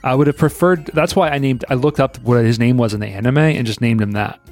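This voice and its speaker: A man co-hosting a podcast in casual chat, reflective and thinking aloud with pauses. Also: medium pitch, darkish tone, faint music behind. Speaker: podcast co-host.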